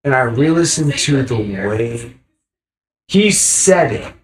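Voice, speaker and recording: A man's voice: mid-range voice, expressive, takes it slowly, poor audio. A man chatting casually as a podcast guest, tipsy from drinking, rambling and emphatic, swearing freely. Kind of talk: casual chat.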